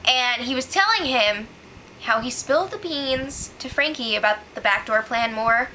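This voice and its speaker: Woman, high pitch, bright tone, casual recap, animated, exclaiming. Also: normal speed, a little hiss or hum, poor audio. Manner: animated, exclaiming, acts out quotes. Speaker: show recap host. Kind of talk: casual spoiler recap chat.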